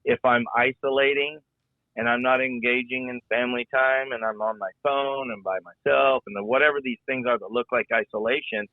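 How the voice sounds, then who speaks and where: A man's voice: medium pitch, fairly even intonation, brisk, dry recording. Man, middle-aged, folksy, rambling, repeats words, tinny phone-like sound. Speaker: guest, former rodeo rider and rodeo announcer. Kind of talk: casual podcast conversation.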